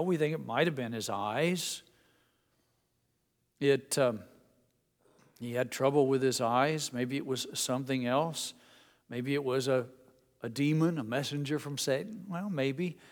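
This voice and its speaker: A middle-aged man preaching a sermon, telling stories and reading scripture in an earnest way. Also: medium pitch. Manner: storytelling, earnest, with Bible readings. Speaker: pastor. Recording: long reverb of a hall.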